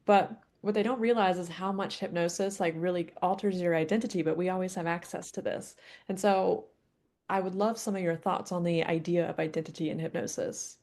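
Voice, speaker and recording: A woman with a somewhat low voice hosts the conversation as a hypnotist. She poses her questions in a calm, measured way. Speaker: hypnotist host. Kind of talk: interview questions.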